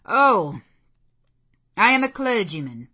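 A woman voicing a grave, reserved male clergyman who speaks in a measured, evasive way. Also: mid-range voice, big pitch swings, pushed and bright, breathy edge, voice pushed up, full character voice.

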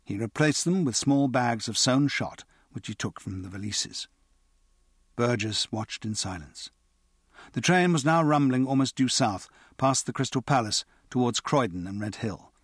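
A man narrating an audiobook in a measured, expressive storytelling manner. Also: mid-range voice, slightly rough, dry recording, clean studio sound.

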